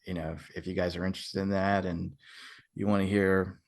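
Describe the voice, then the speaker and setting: A man's voice: low voice, level tone, fairly quick, a little mellow. An American man guesting on a podcast, talking casually with hesitant, stammering restarts. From United States.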